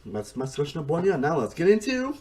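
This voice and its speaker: A man's voice: on the high side, huge pitch swings, fast, darkish tone. A man giving a casual spoken review of a TV series, rambling along, restarting his sentences and leaning on "honestly" and "again" as he goes. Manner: restarts sentences mid-thought. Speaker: TV show reviewer.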